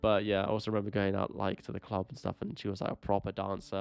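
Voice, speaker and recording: This podcast co-host speaks in a fairly low, gravelly but clean voice, quick and monotone. He rambles through stories in casual chat, laughing often and cursing without restraint, recorded dry over faint background music.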